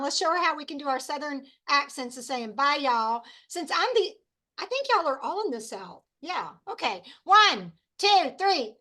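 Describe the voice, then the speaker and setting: Bright-voiced, chatty older woman hosting a call. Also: high voice. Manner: chatty, playful, laughs easily. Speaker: host of an online group call. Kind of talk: casual chat. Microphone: video call.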